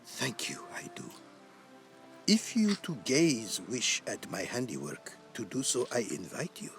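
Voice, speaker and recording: A man's voice: mid-range voice, huge pitch swings, measured pace, soft background music. An actor playing an eccentric old rune craftsman in a video game, speaking in odd inverted word order. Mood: grateful.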